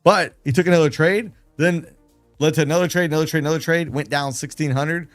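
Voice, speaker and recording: A man's voice: on the high side, steady tone, quick pace, soft background music. A man hosting a late-night trading livestream, chatting casually and rambling in a self-deprecating way. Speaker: live trading stream host.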